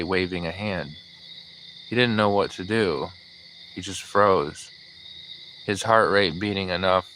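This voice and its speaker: A man narrating an audiobook in a measured, even storytelling manner. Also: sits low, slight background noise, low-quality recording. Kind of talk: scripted narration.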